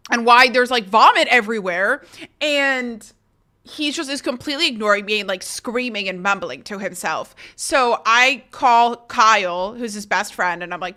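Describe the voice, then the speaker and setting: A young woman streamer telling a story to her chat in an animated, laughing way, swearing freely. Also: on the high side.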